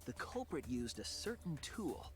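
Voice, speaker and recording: An actor playing a calm teenage boy detective in dubbed game dialogue, reasoning steadily and sounding certain. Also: fairly high pitch, measured pace, soft background music.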